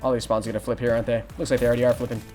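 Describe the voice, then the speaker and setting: Fast-talking young man streaming a game. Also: medium pitch. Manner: fast, excitable, reads chat aloud and greets viewers. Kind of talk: live gameplay commentary. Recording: music playing behind.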